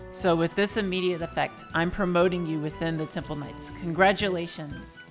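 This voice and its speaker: A woman puts on the voice of a pompous old knight commander, posh and fussy with old-fashioned phrasing. Her voice sits low, with faint game music playing underneath.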